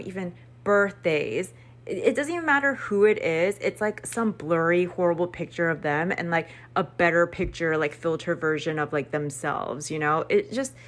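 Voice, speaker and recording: A woman casually recapping a book, chatty and slangy, full of "like" and the odd swear word. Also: on the low side. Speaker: book reviewer.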